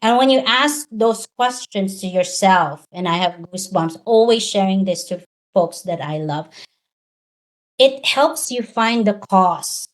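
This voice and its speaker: A woman's voice: medium pitch, lively intonation, measured pace. A woman giving a motivational talk as a coach for virtual professionals, talking in a direct, earnest way with many rhetorical questions.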